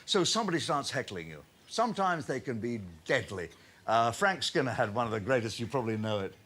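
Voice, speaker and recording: A man, a comedian telling anecdotes on stage in lively storytelling punctuated by laughter. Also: medium pitch, a little fast.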